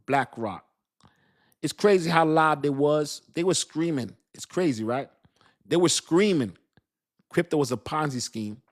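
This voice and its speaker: A middle-aged man hosting a casual crypto talk. He reads chat comments aloud, repeats himself for emphasis and laughs at his own lines. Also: medium pitch. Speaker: crypto channel host.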